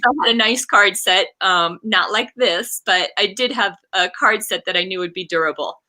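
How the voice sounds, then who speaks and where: Bright-voiced woman telling a heartfelt story. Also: medium pitch, normal speed. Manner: heartfelt, animated, acts out quoted lines. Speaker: guest, coach and card game creator. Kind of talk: storytelling in a casual interview.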